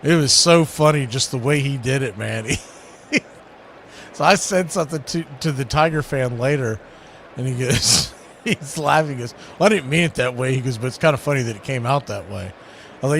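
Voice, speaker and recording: Guy calling a ballgame and telling stories between pitches, bright tense voice, little bit of noise in the back. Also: moderate pace, vocal fry. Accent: American. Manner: chatty, laughs while telling anecdotes. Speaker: play-by-play announcer. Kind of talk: play-by-play commentary mixed with storytelling.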